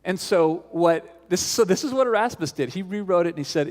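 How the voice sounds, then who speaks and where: A man preaching a sermon as pastor, telling a story in an animated way and often repeating words as he restarts. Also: high voice, fairly quick. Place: large church sanctuary. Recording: long church reverb.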